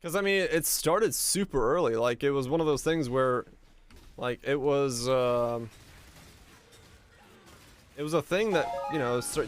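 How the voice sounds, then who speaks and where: A man's voice: mid-range voice, unhurried, long pauses, faint music behind. A young man from Finland, a game streamer, chatting casually with his viewers; he talks in a laid-back way, swears a lot and laughs easily. His is not English. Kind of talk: casual chat with viewers while gaming.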